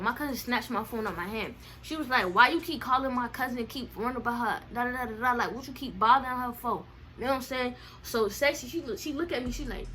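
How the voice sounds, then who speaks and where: Young woman, casual storyteller, bright and sharp, slightly high, slangy and animated. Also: quick pace, faint music behind. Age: young adult. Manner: animated, slangy, acts out quotes with swings in pitch and loudness. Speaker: storyteller vlogger.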